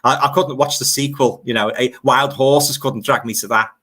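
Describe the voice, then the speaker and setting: This livestream host, an older Liverpudlian with a Scouse accent, goes through viewer comments in a chatty way, full of repeated phrases and fillers. His medium-pitched voice has a sharp tone, fairly even intonation, and a moderate pace.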